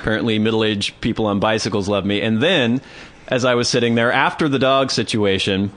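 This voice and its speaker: A man's voice: lowish voice, steady tone, fairly bright tone. A young man co-hosting a podcast, casually telling a comic story and acting out bits of it. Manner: storytelling, acting out others in quick asides. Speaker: podcast co-host. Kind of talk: casual comedic chat.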